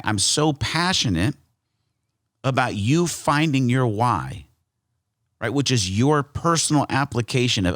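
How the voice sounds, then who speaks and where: An American man hosting a podcast, talking in a joking, animated way with frequent restarts. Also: mid-range voice, no echo, studio quality. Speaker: podcast host. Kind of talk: casual podcast chat and monologue.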